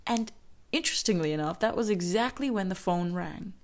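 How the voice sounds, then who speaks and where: A woman telling a personal story in an intimate way, slowing down and dropping into whispers for emphasis. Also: fairly low pitch, lively intonation. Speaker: storyteller and teacher. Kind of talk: storytelling narration.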